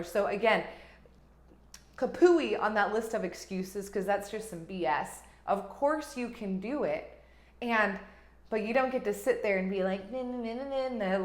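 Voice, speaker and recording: Gushing motivational woman, roomy echo. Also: mid-range voice. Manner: energetic, gushing, swings between loud and hushed. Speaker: life coach and podcast host. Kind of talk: motivational monologue.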